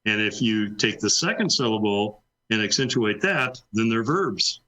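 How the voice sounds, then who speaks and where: A man's voice: lowish voice, lively intonation, moderate pace, bright, forceful tone, rough recording. A man co-hosting a casual live stream, posing riddles and patiently explaining the answers. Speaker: co-host. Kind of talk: casual trivia quiz chat.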